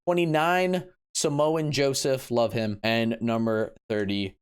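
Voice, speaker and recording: A man vlogs a casual, excitable recap of a wrestling event, his smooth voice dropping low before bursting into sudden yelps. He speaks at a slow pace.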